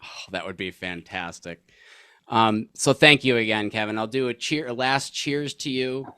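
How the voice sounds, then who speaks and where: Male host, casual chat, gushing and eager, smooth resonant tone, close dry mic. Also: medium pitch, moderate pace, pushed and bright, no echo. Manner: enthusiastic, effusive, grateful.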